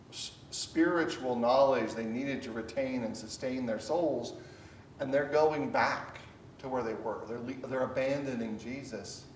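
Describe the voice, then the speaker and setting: A man teaches a Bible study in a relaxed, conversational way, earnest and lively, and now and then slips into the voices of the people he quotes. He sounds a little distant from the mic. The room is echoey, with a faint hiss underneath. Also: medium pitch.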